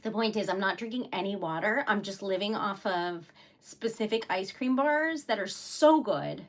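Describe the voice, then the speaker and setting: A young woman with a mid-range voice and lively intonation talks at a moderate pace while hosting her own wax seal craft livestream. She chats casually, giggles often, and comes across as bubbly, calling herself a really emotional lady.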